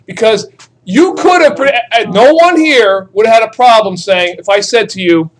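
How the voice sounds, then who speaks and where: A man's voice: sits high, normal speed. A man teaching a chemistry class, lecturing and joking with students during a demonstration in a classroom. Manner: animated, joking, talks to students directly.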